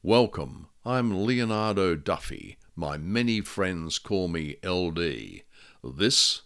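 A man voicing a smooth, boastful male con man who smuggles cigars, talking with brash self-assurance. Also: low-pitched, very animated, slow, fairly bright tone, exaggerated voice.

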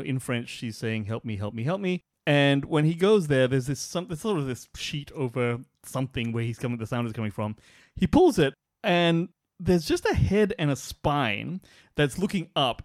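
A man co-hosting a casual podcast chat, excitable and squeamish, breaking into loud exclamations and laughter. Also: medium pitch, no room sound, clean studio sound. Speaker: podcast co-host.

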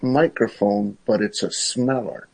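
Gravelly, husky man speaking haltingly. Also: fairly low pitch, a little mellow, poor audio. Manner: halting, full of restarts. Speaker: podcast co-host. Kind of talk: casual chat. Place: kitchen table at his sister's home.

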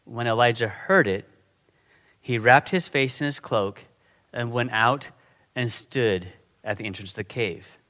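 A middle-aged man preaching a sermon in a conversational, animated way, often checking in with his listeners. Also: medium pitch, a little slow. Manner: conversational, animated, frequent "okay?" and "right?" check-ins. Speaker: pastor.

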